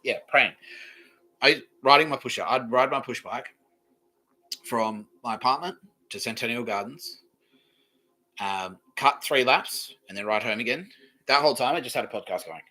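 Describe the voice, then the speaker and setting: A man's voice: medium pitch, normal speed, pauses often, pushed and bright, poor audio. An Australian man hosting a podcast, rambling casually and swearing freely. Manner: swears freely, loose and laughing. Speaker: podcast host.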